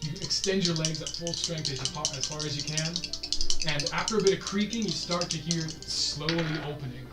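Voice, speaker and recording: A man's voice: on the high side, a little fast. A man narrating as game master, describing scenes step by step and laughing along with his players. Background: background fantasy music.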